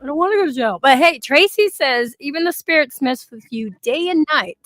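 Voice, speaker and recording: A woman with a high voice hosts a casual chat and reads viewer comments aloud. Her voice is close and dry, with faint music in the background. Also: animated, brisk, fairly bright tone, no echo, poor audio. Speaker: host reading viewer comments.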